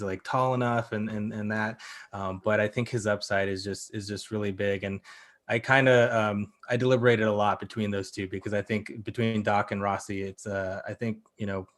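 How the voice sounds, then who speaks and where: Male podcast guest, lowish voice, casual and opinionated, lots of restarts. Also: fairly bright tone. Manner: opinionated, frequent restarts and hedges. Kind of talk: casual chat.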